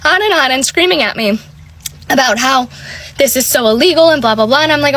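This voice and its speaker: A young woman with a high voice tells a story in a casual vlog. She sounds exasperated and animated, and says "like" again and again. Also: brisk. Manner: exasperated, animated retelling with many "like"s. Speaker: vlogger.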